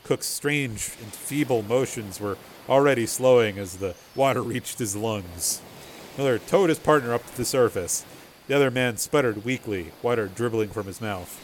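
Man narrating a story, steady. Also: mid-range voice, normal speed, slight background noise. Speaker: audiobook narrator. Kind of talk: scripted narration.

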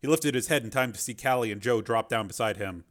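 A man reading a story aloud in a measured, expressive way. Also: medium pitch. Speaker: audiobook narrator. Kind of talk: scripted narration.

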